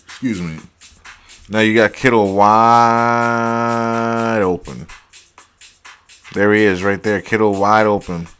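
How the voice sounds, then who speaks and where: Low-voiced, exasperated young man. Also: fairly even intonation, slow pace, pauses often, a bit bright, clear, resonant tone, faint music behind. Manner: exasperated, profane, heavy use of "like". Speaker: host. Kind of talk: casual football highlights reaction.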